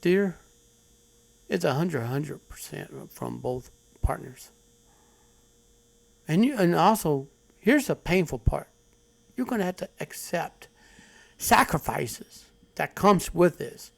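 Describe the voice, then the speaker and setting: A man hosting his own channel reads out online stories and comments on them bluntly and preachily, lecturing with heavy emphasis. His voice is fairly high and gravelly, with lively intonation, a slow pace and long pauses.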